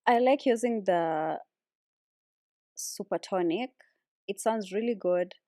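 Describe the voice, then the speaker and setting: A woman casually explaining how she builds vocal harmonies, relaxed and chatty with lots of fillers. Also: medium pitch, slow, dry recording, studio quality. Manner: relaxed, with many fillers like "like" and "so, yeah". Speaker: a cappella vocalist teaching harmony. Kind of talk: casual music tutorial.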